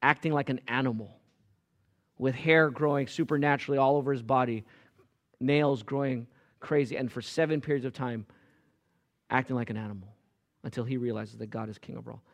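A man preaching a sermon as pastor, emphatic, swinging from loud rises to quiet drops. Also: medium pitch, fairly quick. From Los Angeles area.

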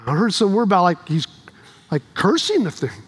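A man's voice: sits high, very animated, moderate pace, breathy edge, pitched below the performer's own voice, full character voice. Preacher playing anxious male disciples; fretful, gossipy asides. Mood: worried. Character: worried male disciples gossiping about their teacher.

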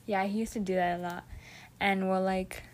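A young woman in casual, filler-heavy chat about dating, sarcastic and quick to laugh. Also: mid-range voice, little pitch movement.

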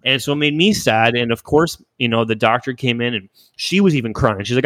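A man's voice: mid-range voice, fairly quick, hardly any pauses, fairly bright tone, no room sound. A young man hosting a podcast, telling an emotional story in a rambling casual way with frequent swearing. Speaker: podcast host. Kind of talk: casual chat.

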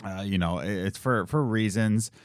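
A podcast host telling a story in a casual, animated way and acting out the people in it. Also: male voice, on the low side, moderate pace, no echo, clean studio sound. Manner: animated, acts out quoted voices.

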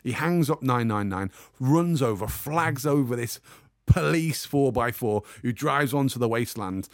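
A man spins a comic anecdote and throws himself into the other characters' voices as he goes. His voice is gravelly, with fry at the ends of phrases, and it sits in an ordinary male range. The recording is close and dry, with no room sound. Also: mid-range voice, a little slow, dry recording. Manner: animated storyteller, acts out the other people in the story. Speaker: podcast guest.

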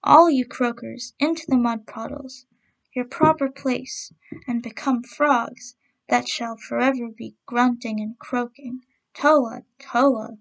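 A woman's voice: fairly high pitch, steady tone, slow, gravelly, low-quality recording. A woman reading the lines of an angry male creator figure who scolds crying boys in a storybook tale. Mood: angry scolding. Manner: harsh scolding commands. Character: angry godlike father of all men, male.

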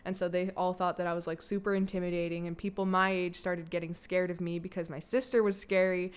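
A woman's voice: lowish voice, flat delivery, brisk, clear, resonant tone. A young Canadian woman sharing a personal story in a loose, candid way, full of fillers and casual swearing. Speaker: guest, daughter of the host.

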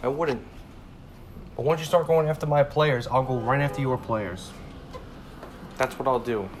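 A man's voice: medium pitch, normal speed. Heated, swearing twenty-year-old man. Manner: heated, swearing, rambling with repeated phrases. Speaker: sports fan vlogger. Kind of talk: casual ranting monologue.

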